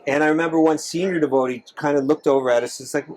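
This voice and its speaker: A man's voice: on the high side, steady tone, fast talker, few pauses, a little mellow, low-quality recording. Earnest man answering a temple audience. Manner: earnest, repeats phrases, frequent restarts. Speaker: monk answering audience questions. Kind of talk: live Q&A talk.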